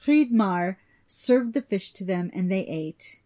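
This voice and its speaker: A woman narrating an old myth in an even, measured storybook reading. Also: medium pitch.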